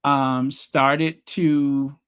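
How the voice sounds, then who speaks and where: A man casually recapping a period drama episode, telling the story with animated asides and playing out the characters' lines. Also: very slow, clear, resonant tone. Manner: animated storytelling, acts out quotes with rising pitch. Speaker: show reviewer.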